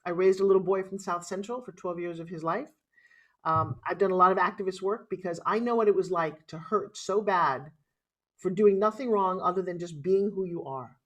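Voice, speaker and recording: Middle aged new york lady on a podcast, animated storyteller, motivational vibe. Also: fairly low pitch, normal speed. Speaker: guest. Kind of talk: interview storytelling.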